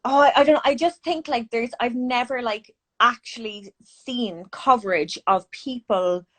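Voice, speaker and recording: A woman's voice: on the high side, unhurried, fairly bright tone. A woman with an Irish accent interviewing a guest in casual chat over a video call, talking with lots of fillers. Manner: chatty, many fillers.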